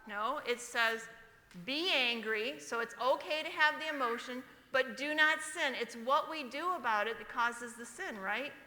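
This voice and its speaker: Bright-voiced woman preaching in a reverberant church. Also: high voice, a little hiss or hum. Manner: storytelling, calls for congregation response, reads verses aloud slowly. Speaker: speaker at a church service. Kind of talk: sermon with a personal story. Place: church sanctuary. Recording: echoey church hall livestream.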